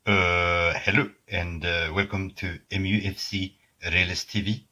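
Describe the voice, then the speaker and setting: A man putting on a husky, dopey deep voice. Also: little pitch movement, a little slow, sharp tone, heavily acted. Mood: goofy. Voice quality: husky, hesitant with many uh's. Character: slow, dopey deep-voiced male channel member. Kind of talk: comic put-on voice.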